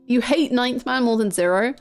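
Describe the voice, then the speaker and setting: A woman's voice: fairly high pitch, a little mellow. A woman live-streaming, chatting casually with her viewers, gushing and swearing freely. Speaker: game streamer.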